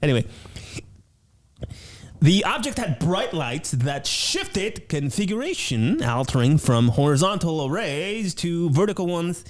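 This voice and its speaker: A goofy male host talks casually to his audience from his home setup. His voice sits fairly high and swings widely. He takes his time with each line. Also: unhurried. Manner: playful, goofy, animated. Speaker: show host. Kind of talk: casual show hosting. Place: home studio with lights.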